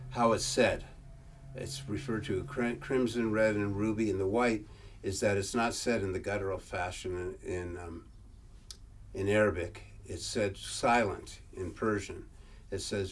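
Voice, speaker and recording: A man presenting a workshop, reading old verse aloud and explaining it in a halting way, often repeating and restarting words. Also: lowish voice, fairly even intonation. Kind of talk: lecture reading and explaining scripture. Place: workshop room. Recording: distant mic, faint room noise.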